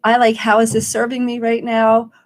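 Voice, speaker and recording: A woman's voice: on the high side, monotone, normal speed. A woman life coach talking on a live stream, encouraging and rambling a little, acting out the questions she wants viewers to ask themselves. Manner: encouraging, rambling with restarts and quoted self-questions. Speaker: life coach hosting a daily challenge.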